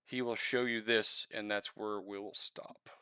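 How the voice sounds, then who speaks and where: A man leads a tabletop game as dungeon master, narrating scenes and speaking for the figures his players meet. He talks in a relaxed, halting way with many fillers. His voice is bright and crisp, and the recording is dry and close. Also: lowish voice, no room sound.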